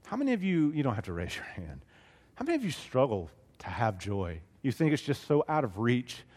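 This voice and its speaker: A middle-aged Southern pastor delivers an earnest sermon, his pitch rising and falling in lively arcs. He leans into big emphatic lines and then drops to near-whispered asides. A long hall reverb trails every phrase. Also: a little fast, breathy edge. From Southeast Alabama, US. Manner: earnest, expressive preaching, swings between loud and hushed.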